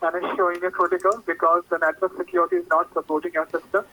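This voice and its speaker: A man making a scripted tech support pitch over the phone, pushy and in broken English. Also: level tone, quick pace, bright, forceful tone. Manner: insistent, broken English phrasing. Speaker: fake tech support caller. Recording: tinny phone line.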